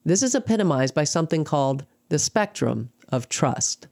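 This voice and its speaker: A woman hosting a podcast, interviewing a guest and narrating summaries in a measured way. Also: low voice, animated, gravelly, darkish tone.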